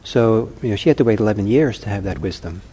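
Calm, mellow-voiced male meditation teacher. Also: lowish voice, fast talker, a little hiss or hum. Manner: calm, gently humorous, thinks aloud with restarts. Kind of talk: answering questions in a talk.

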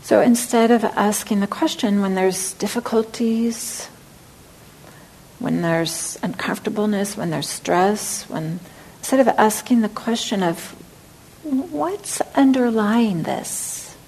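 A woman meditation teacher giving a dharma talk, speaking gently and reflectively, sometimes dropping to a soft near-whisper. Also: medium pitch, a little slow, slight background noise, low-quality recording.

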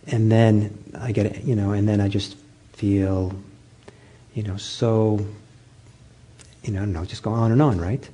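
Mellow, husky male meditation teacher. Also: fairly low pitch, steady tone. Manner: gentle, halting storytelling with many fillers and restarts. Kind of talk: dharma talk.

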